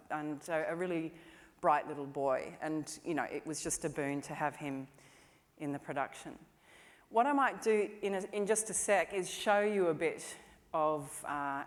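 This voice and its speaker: A woman speaks from a conference stage, sharing anecdotes about her work in a loose, chatty way full of fillers. Her voice sits a little low. A long reverb from the hall trails after her words. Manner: chatty storytelling, many "you know" fillers. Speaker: film director giving a talk.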